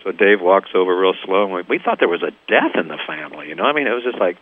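An older man from Kansas, a band founder, speaks as a guest in what sounds like a radio phone interview, his slightly low voice coming through a tinny line. Talking very fast with few pauses, he tells his band's story in a lively way, acting out the people in it.

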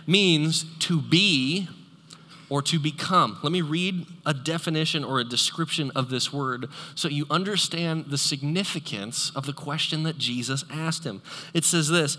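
A male pastor preaching a sermon in a church, animated and conversational, joking with the congregation. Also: a little high, normal speed. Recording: long echoey hall reverb.

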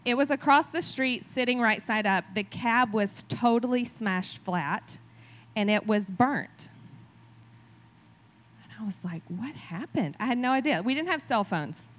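A woman's voice: fairly high pitch, lively intonation, measured pace, fairly bright tone. Chatty woman telling a sermon story. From rural farm community. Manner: chatty, conversational, asks the crowd "right?". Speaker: church speaker.

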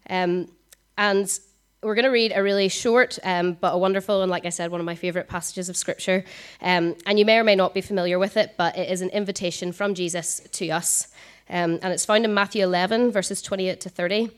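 Fast-talking young woman preaching. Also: fairly low pitch, steady tone. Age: 20s. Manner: fast talker, frequent ums. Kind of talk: conversational sermon. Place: church service.

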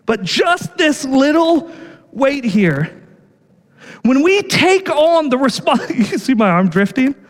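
A man's voice: very high-pitched, big pitch swings, slow pace, big-room sound. A male pastor giving a sermon in a casual, conversational way, often checking in with "right?" and stumbling over repeated words.

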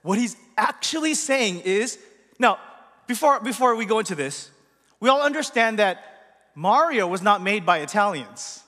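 A man's voice: high-pitched, lively intonation, a little slow, sharp tone. A man giving a conversational sermon as pastor, chatty and asking the congregation questions, in a church hall. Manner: chatty, asks the audience questions. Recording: long reverb of a large hall.

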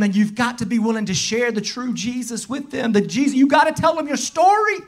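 A young adult pastor with a Southern US accent preaching a sermon, emphatic and repetitive, swinging from soft, low passages to shouted calls. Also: lively intonation, fairly quick, hardly any pauses. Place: church sanctuary.

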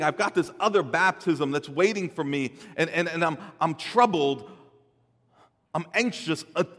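A man preaching a sermon, swelling loud and dropping soft, often repeating words as he builds a point. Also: a little high, long reverb tail. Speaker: pastor.

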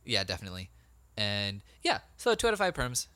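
Punning man with a bright voice. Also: fairly low pitch, wildly swooping pitch, dry recording. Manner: joking, punning, quick to laugh. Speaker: podcast co-host. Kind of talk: casual movie review chat.

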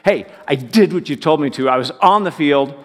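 A pushy grown-man football fan whines and pleads, his voice jumping up high, as a preaching man puts him on. It rings in a big reverberant church hall. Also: a little fast, close to an everyday voice. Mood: aggrieved. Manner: pleading, whiny insistence. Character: pushy adult male football fan shouting from the stands.

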